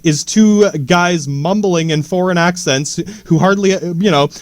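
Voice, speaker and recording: High-voiced man ranting with heavy swearing. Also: measured pace, no echo. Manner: rambling, sarcastic, heavy swearing. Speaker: podcast host. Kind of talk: casual profane rant.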